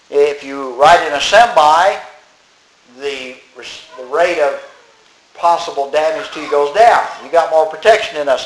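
A man preaching a sermon as pastor, plain-spoken, reading scripture slowly and stressing key words. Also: on the high side, roomy sound, low-quality recording.

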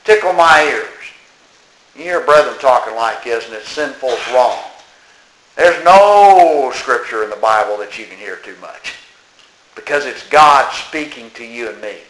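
A man preaching a sermon, slow and emphatic, reciting verse and scripture and mimicking people mockingly. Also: medium pitch, lively intonation, a bit bright, slight background noise. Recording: echoey room.

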